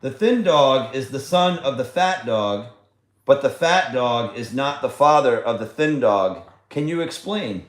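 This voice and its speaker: A man's voice: medium pitch, animated, a little slow. A man hosting a casual trivia livestream from home, chatty, fond and coaxing as he talks. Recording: echoey room.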